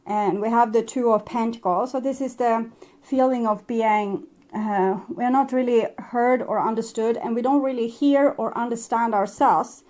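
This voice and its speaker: A woman with as a giving a casual spoken tarot reading, gentle and reflective, with soft laughs and hesitations. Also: a little high, steady tone, normal speed. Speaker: tarot reader.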